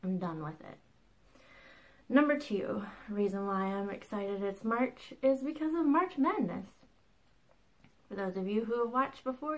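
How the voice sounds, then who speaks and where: A woman's voice: mid-range voice, poor audio. A woman in her thirties hosting her own crafting podcast at home, chatting casually and bubbly, often breaking into a laugh between asides. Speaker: podcast host. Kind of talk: casual chat.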